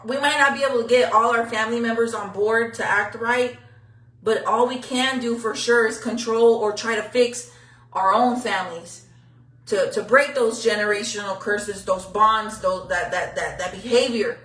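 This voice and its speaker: Swearing freely, a middle-aged local news livestreamer talks bluntly and sincerely in a casual stream. Her fairly high, fairly bright voice keeps a fairly even intonation at normal speed, and the recording is distant and echoey.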